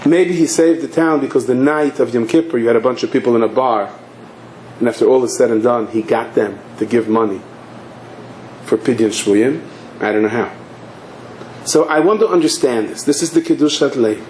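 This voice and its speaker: A man's voice: mid-range voice, normal speed, a little mellow, a little hiss or hum. A man, a rabbi, tells a story in a sermon and acts out its scenes with animation. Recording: echoey hall.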